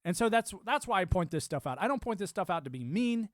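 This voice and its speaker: A man's voice: high-pitched, big pitch swings, fast talker, no room sound, clean studio sound. A man hosting a live stream, giving a rambling, sarcastic political rant and mocking other people's views. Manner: sarcastic, ranting, mocks others in put-on quotes. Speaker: livestream host.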